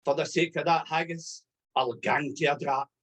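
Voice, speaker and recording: A reciter doing a gruff blinded Scots soldier. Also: mid-range voice, steady tone, moderate pace, fairly bright tone, pitched below the performer's own voice, lightly acted. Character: blinded young male Scots soldier, dogged.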